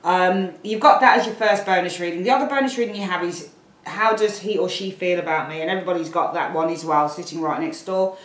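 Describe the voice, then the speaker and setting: A woman's voice: on the low side, fairly quick, roomy sound, poor audio. A woman from Birmingham with a Birmingham accent, giving a casual, rambling tarot reading to camera with apologetic asides. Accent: Birmingham English. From Birmingham, England. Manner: chatty, rambling, apologetic asides, calls viewers darlings. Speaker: tarot reader. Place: room at home, at a table.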